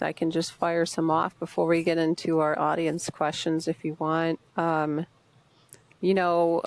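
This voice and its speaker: A young adult woman co-hosting a podcast in casual chat, chatty and quick to laugh, with many fillers. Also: lowish voice. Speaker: podcast co-host.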